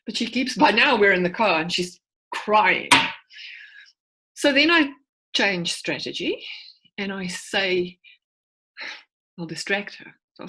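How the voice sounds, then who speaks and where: Woman, 40s, clinical psychologist guest speaker, husky mid voice, anecdotal presentation over a video call. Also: mid-range voice, lively intonation, takes it slowly, long pauses, bright, forceful tone, rough recording. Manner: storytelling, with frequent word restarts. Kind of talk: conversational presentation.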